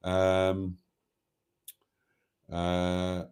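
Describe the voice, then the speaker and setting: Mellow-voiced man chatting on a live stream. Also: on the low side, expressive, unhurried. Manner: rambling, chatty, self-deprecating, swears mildly. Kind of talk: casual live stream chat reading viewer comments.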